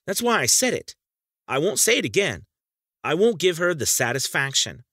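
A man's voice: a little high, very animated, moderate pace, bright, forceful tone, no room sound, studio quality. A man reading a first-person audiobook, bitter and menacing, talking straight to the listener. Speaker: audiobook narrator.

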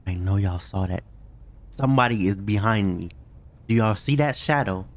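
A man's voice: fairly low pitch, normal speed, slight background noise. A man hosting his own channel, giving jumpy, chatty commentary on a horror game he plays and talking straight to his viewers. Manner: jumpy, talks to viewers, yelps when startled. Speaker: gaming channel host.

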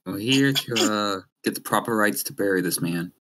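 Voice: sits low, moderate pace, a bit bright, slight background noise, low-quality recording. A tabletop player speaking in a hesitant way, with many ums. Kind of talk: casual tabletop chat.

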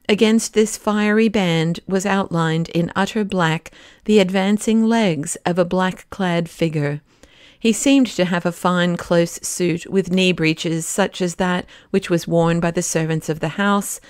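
A woman narrating a classic novel audiobook with steady, dramatic storytelling. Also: fairly low pitch, clear, resonant tone, no echo, studio quality.

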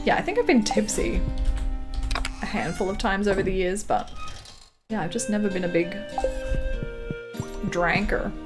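Her voice is mid-range and expressive, moving at a moderate pace with long pauses. She's a young Canadian woman casually chatting while streaming a farming game, reading her chat out loud and giggling a lot as game music plays clearly beneath her.

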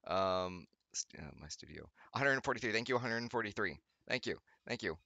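A man with a fairly low but bright, pushing voice reads a text aloud for laughs. He stumbles over words, groans and breaks off to make sarcastic remarks. The sound is dry and close, as if recorded in a small home studio. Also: lively intonation, a little fast, gravelly, no echo, dull audio. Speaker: YouTuber reading fanfiction aloud. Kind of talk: comedic reading with sarcastic commentary.

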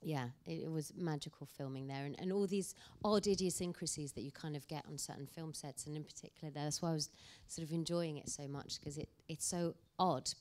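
A woman speaking as an actor guest at an onstage panel discussion, telling anecdotes in an animated way. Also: deep voice, a little fast, few pauses.

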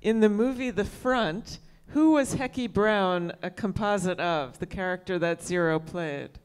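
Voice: medium pitch, unhurried, clean tone. A moderator hosting an audience Q&A, politely reading out questions.

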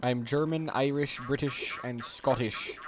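A man's voice: medium pitch, fairly even intonation, measured pace, over music. A man giving casual, jokey commentary while playing a video game, grumbling at the levels. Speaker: let's play host.

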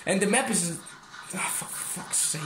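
A man giving excitable, swearing commentary over a horror game. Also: high-pitched, a little slow, echoey room, slight background noise. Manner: excitable, swearing, yelps and laughs. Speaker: gaming streamer. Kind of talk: casual gameplay commentary.

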